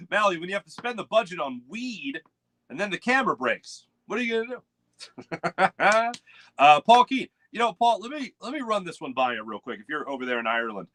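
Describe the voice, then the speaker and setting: A man's voice: high voice, sing-song, moderate pace, fairly bright tone, no echo. A man hosting a casual live morning sports show, rambling and chatting with viewers by name. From United States. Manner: rambling, chatty, reads out chat names. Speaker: host. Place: home studio with webcam.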